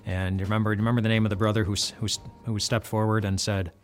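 A man's voice: on the low side, flat delivery, quick pace. A man giving an earnest devotional retelling of a Bible story, often repeating words as he goes.

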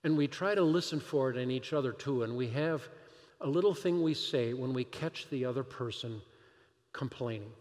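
A pastor delivering a sermon, animated and emphatic, firing rhetorical questions at the congregation. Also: male voice, medium pitch, normal speed, big-room sound.

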